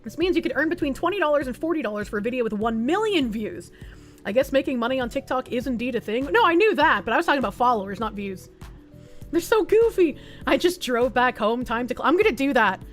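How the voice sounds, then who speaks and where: A woman's voice: high voice, lively intonation, quick pace, a bit bright, soft background music. A young woman streamer reading an article aloud and reacting with blunt, sarcastic, swearing commentary.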